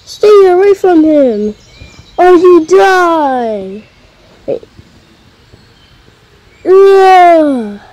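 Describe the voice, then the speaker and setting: A fierce protective mother with a shrill, raised voice, as a woman puts her on for a homemade game story. She growls and drags out her threats slowly. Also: animated, dark tone, dry recording, heavily acted.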